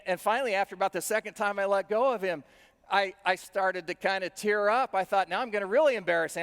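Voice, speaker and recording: A middle-aged male pastor preaches through homely, self-deprecating stories, talking to the congregation as if chatting. His voice sits high for a man and comes across smooth and resonant. The sound rings out with the long reverb of a large hall. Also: a bit bright. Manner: conversational storytelling, self-deprecating. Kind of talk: sermon with personal stories.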